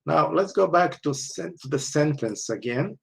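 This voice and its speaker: A man's voice: a little high, expressive, moderate pace, gravelly. Man lecturing, constant "okay?" checks. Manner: frequent "okay?" checks, restarts, explanatory. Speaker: university lecturer. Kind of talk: online lecture.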